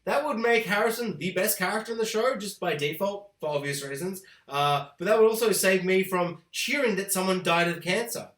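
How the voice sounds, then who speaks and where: A man hosting a spoiler review of a TV show, ranting with animated, profane exaggeration. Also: high-pitched, brisk, few pauses. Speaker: TV review host. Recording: echoey room.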